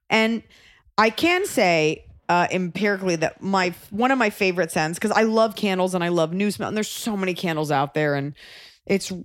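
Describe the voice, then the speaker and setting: Chatty woman from Texas, low voice. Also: dry recording, clean studio sound. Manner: chatty, acts out voices in anecdotes. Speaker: podcast host. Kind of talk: casual chat.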